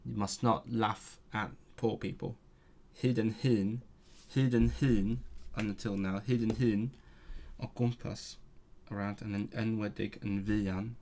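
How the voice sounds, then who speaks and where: A man's voice: lowish voice, fairly even intonation, slow, dark tone, a little hiss or hum. A man live-streaming his language study, thinking aloud and sounding out words, correcting himself as he goes. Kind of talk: casual live stream talk.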